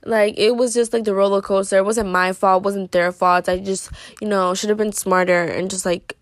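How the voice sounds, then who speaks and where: A woman's voice: mid-range voice, steady tone, moderate pace, dry recording, studio quality. Rambling teen girl telling a story. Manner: rambling, heavy use of "like" and "you know"; playfully dramatic and joking. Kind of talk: casual storytime monologue.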